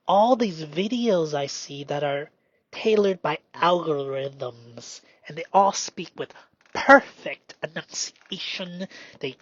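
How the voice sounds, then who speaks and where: Slow, halting man, half-whispered reflection. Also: fairly high pitch, no room sound. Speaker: solo performer. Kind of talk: meditative spoken self-reflection. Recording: dull lo-fi dry recording.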